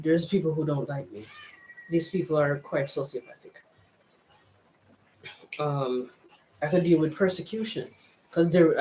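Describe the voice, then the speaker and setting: A woman with a mixed American and Jamaican accent, talking to camera in a personal vlog, reflective and halting as she thinks aloud. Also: low voice, darkish tone, slight background noise, poor audio. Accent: mix of American and Jamaican. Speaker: vlogger.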